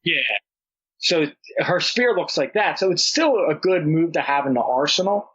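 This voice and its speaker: A young man on a podcast, telling a long story in a loose, animated way and laughing along. His voice sits fairly high for a man. The audio is dull and lo-fi, as if it came through a muffled podcast recording. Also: normal speed, husky. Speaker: podcast guest. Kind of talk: casual chat.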